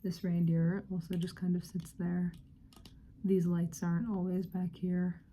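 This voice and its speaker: A woman's voice: fairly low pitch, completely flat delivery, measured pace, dark tone, slight background noise. A woman whispering in a friendly role-play, giggling and rambling through casual chat as a friend hosting a visit.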